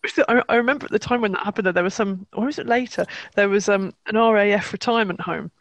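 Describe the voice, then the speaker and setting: A co-host with a mid-range voice chats easily and gets excited when recalling childhood memories. The recording is dry and close, with no room sound. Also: medium pitch, fast, dry recording, highs cut off. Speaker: podcast co-host. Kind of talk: casual chat.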